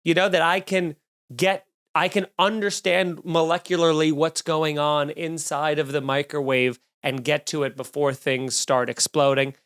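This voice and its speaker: A man hosts his solo comedy podcast, telling a rambling story. His voice sits a little high for a man, and he swears freely and mocks himself as he goes. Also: a little slow, clean tone. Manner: profane, animated, self-deprecating storytelling.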